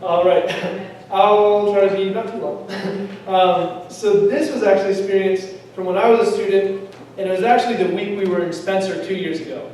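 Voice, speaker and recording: A man's voice: high-pitched, fairly even intonation, moderate pace, a little mellow, slight background noise. Young man telling a story in an echoey church. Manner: chatty storytelling, laughs often. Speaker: youth speaker. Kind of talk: church testimony talk. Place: church hall. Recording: echoey hall from far off.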